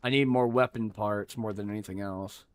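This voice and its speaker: A man's voice: lowish voice, fairly even intonation, moderate pace. A man streaming a game, chatting casually to himself with loose, profane asides and rambling stories full of restarts. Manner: loose and profane, mutters to himself while playing. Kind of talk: casual gameplay commentary.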